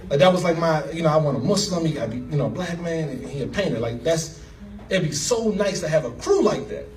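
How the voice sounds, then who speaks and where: A man giving an animated, emotional personal story as a speaker at an event, laughing as he talks. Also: on the high side, fast talker, distant mic, a crowd in the background. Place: event hall.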